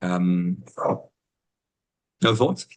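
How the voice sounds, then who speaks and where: A man teaching an informal Torah class over a video call, telling stories with rising, excited emphasis. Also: drawn-out words, rough recording. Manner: animated storytelling, rising to high excited emphasis.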